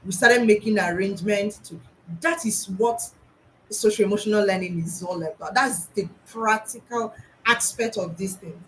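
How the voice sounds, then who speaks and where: A woman's voice: medium pitch, normal speed, fairly bright tone, a little hiss or hum, low-quality recording. A woman school psychologist, talking earnestly to teachers about classroom practice, often restarting and repeating her points.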